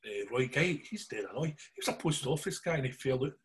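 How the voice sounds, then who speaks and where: A middle-aged man with a Glaswegian Scottish accent telling stories in casual chat, animated and always checking in with his listeners. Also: medium pitch, fast. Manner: animated yarn-spinning, keeps checking in with listeners.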